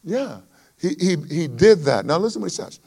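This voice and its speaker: A man preaching a sermon, his delivery swelling loud on scripture and dropping low between. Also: big pitch swings, a little fast, gravelly, breathy edge. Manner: emphatic preaching that swells and drops in volume. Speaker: pastor.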